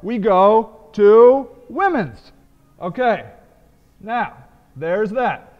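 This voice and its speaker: A man's voice: high-pitched, lively intonation, very slow. A man hosting a web marketing show, talking emphatically about good and bad websites. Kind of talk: energetic video commentary. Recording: dull, roomy lo-fi web video audio.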